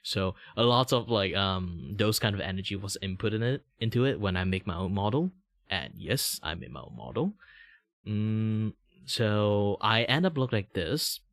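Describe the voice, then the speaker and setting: A man's voice: normal speed, no echo. A man in his thirties from Malaysia, with a Malaysian English accent, chatting casually on a livestream and rambling with many fillers. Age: 30s. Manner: rambling, many "like" fillers, jumps to a much higher voice when excited. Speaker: VTuber streamer.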